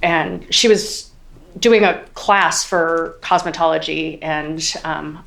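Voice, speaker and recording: A woman's voice: deep voice, slow pace, creaky, a bit bright. A woman in her forties giving courtroom testimony as a witness, hesitant and full of ums, near tears at times. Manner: hesitant, many ums, quotes others. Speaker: trial witness.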